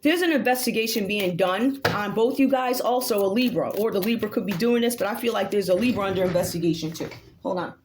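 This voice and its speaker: A woman's voice: medium pitch, fast talker, slight background noise. Woman tarot reader with a mid-range voice, confrontational and profane, casual chatty delivery. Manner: talks straight to an unseen rival. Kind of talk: casual tarot reading rant.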